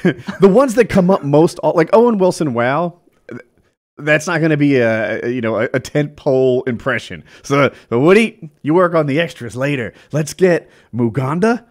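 An animated man co-hosting a podcast, his slightly high voice swooping up and down. He is self-mocking and laughs often in casual chat. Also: normal speed. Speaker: podcast co-host.

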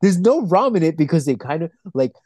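Young male co-host, mellow voice, dry close sound, profane and rambling. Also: a little high, sing-song, a little fast, no room sound. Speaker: podcast co-host. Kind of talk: casual chat.

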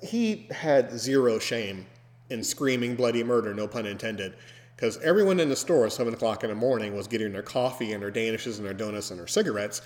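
A man hosting a podcast, telling a story casually and breaking into loud, animated mimicry of screams. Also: medium pitch, a little fast. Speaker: podcast host. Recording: long hall reverb.

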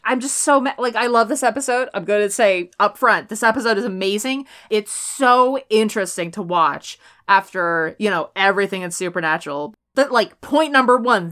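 A woman's voice: on the high side, fairly bright tone. A woman co-hosting a casual podcast, talking animatedly about a TV show, swearing often and laughing a lot.

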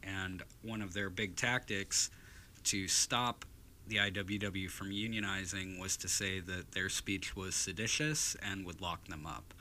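A man's voice: low voice, steady tone, a little slow, pushed and bright, slight background noise. A man hosting a podcast, talking bluntly and casually, with some swearing. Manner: fervent, speechifying; blunt, profane. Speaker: podcast host. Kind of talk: casual chat then an impassioned speech.

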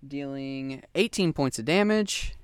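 A woman's voice: very deep voice, animated, measured pace, smooth, no room sound. A woman running a tabletop game as game master, laughing often as she narrates.

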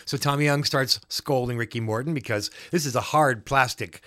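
A man casually recapping an old wrestling match for a co-host, jokey and animated, acting out the wrestlers' yells. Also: mid-range voice, moderate pace, dry recording, clean studio sound. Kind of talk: casual play-by-play chat.

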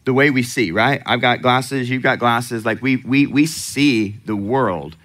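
A man's voice: mid-range voice, unhurried, a bit bright. A man preaching a sermon in a conversational way, asking the congregation questions and laughing often. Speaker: pastor.

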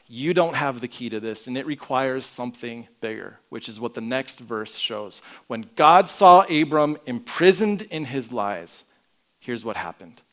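A man preaching a sermon in an earnest way, often dropping to a quiet emphasis at the ends of phrases. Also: medium pitch. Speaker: pastor.

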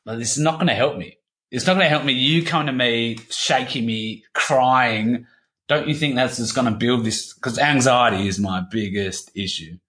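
A man in his thirties talking candidly as an interview guest, halting and repeating himself, swearing casually. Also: medium pitch, fairly bright tone. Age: 30s. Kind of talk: candid personal conversation.

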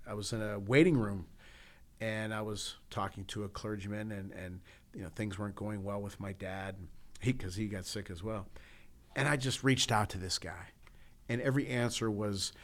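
A middle-aged man co-hosting a talk show, telling stories in a rambling, casual way with frequent restarts. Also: lowish voice. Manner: rambling, storytelling with many restarts. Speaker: podcast co-host. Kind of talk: casual chat.

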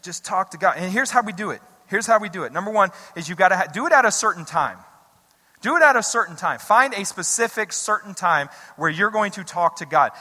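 Man, middle-aged pastor, casual animated sermon, somewhat high voice, long hall reverb. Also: a little fast. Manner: conversational, animated storytelling with repeated restarts.

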